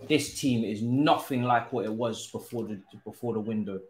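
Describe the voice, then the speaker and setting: Exasperated young man, low voice, echoey. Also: normal speed, hardly any pauses. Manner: exasperated, swearing, frequent sighs. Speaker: gaming streamer. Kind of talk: live gameplay commentary.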